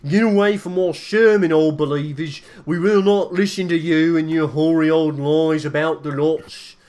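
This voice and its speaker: Angry protester, a man doing the voice, defiant shouting, higher-pitched, loud. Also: steady tone, moderate pace, close to an everyday voice. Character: angry male protester in a crowd.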